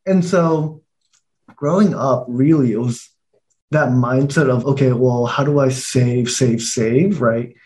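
A man's voice: mid-range voice, takes it slowly, a little mellow. A man in his thirties, born in Taiwan, talks in a loose, easygoing way. He laughs often and fills his sentences with casual fillers as he chats on a podcast. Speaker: guest. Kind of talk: casual conversation.

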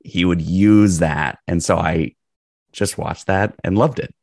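Deep, gravelly-voiced man telling stories. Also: a little slow, no echo. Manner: animated, rambling storyteller with fillers. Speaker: guest. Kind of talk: storytelling in casual conversation.

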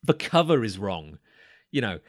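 Male podcast co-host, lively storyteller with a very animated pitch, dry close sound, stammers and restarts as he goes. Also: normal speed, no room sound. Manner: rambling anecdote with stammered restarts and acted quotes. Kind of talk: casual chat, storytelling.

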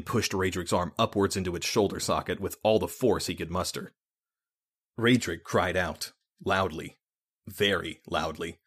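A man narrating a fantasy audiobook in a steady, measured reading voice. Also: deep voice, husky.

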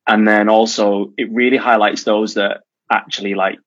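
A man from the UK telling animated stories as a podcast guest, with quick restarts. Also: on the low side, dry recording, muffled recording. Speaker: guest, charity founder. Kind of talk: casual podcast chat.

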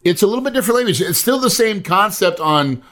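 A man's voice: sits high, expressive, quick pace, a bit bright. A man hosting a podcast interview, talking loosely and emphatically with slang and frequent "right?" asides. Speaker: podcast host. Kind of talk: casual interview chat.

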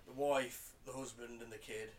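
A man's voice: mid-range voice, little pitch movement, normal speed. A British man co-hosting a casual podcast, rambling through stories in a dry way, his voice fading at phrase ends, recorded in a living room. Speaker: podcast co-host. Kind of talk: casual chat. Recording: a bit off-mic, faint room ambience.

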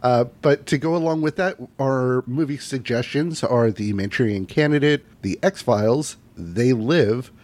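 Man, mid pitch, steady and matter-of-fact, casual game organizer. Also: unhurried, hardly any pauses. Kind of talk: casual tabletop role-play chat.

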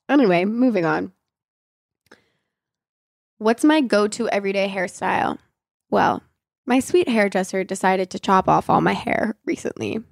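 A woman's voice: mid-range voice, no room sound, studio quality. A young woman hosting a casual question-and-answer chat, nasal from being sick, frank and chatty, swearing casually. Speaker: podcast host.

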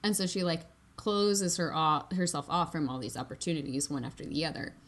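A woman's voice: deep voice, brisk. A woman in casual chat, retelling a book and reading from it in a chatty way full of "like". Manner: chatty, fillers of "like", laughing.

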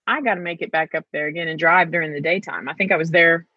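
A former student looks back on her college years in a relaxed interview, musing and breaking into laughter as she goes. Her voice sits low and husky. The sound is dry and a little dull. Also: quick pace, no room sound. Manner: reflective, laughs often while telling stories. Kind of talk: casual interview.

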